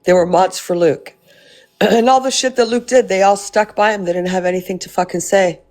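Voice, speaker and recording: A woman's voice: medium pitch, fairly even intonation, fairly quick, darkish tone. Blunt, swearing Canadian woman hosting a live. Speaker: livestream host. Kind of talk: livestream commentary.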